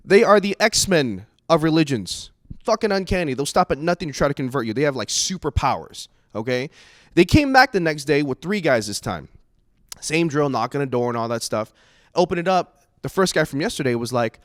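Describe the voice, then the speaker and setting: A man doing a stand-up comedy set, telling stories in an animated way and jumping into put-on voices. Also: medium pitch, brisk, dry recording, clean studio sound.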